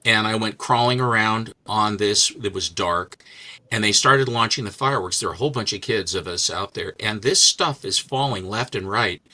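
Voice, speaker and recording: A man's voice: fairly low pitch, moderate pace, sharp tone. An older man hosting a casual chat, rambling through stories and jokes as he shows comics. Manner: rambling storyteller, chatty and joking. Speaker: host.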